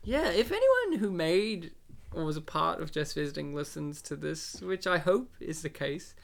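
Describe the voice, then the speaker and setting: A man's voice: a little high, big pitch swings, moderate pace, creaky. Joking man co-hosting a podcast. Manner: joking, swearing, laughing often. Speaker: podcast co-host. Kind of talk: casual film commentary chat.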